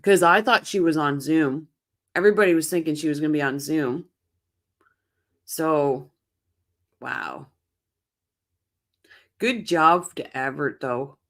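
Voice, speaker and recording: This woman speaks low and a little slowly, with long pauses and a fairly bright tone. She hosts a casual true crime live stream on little sleep, reacting to chat comments in a chatty, opinionated way and rambling with frequent restarts.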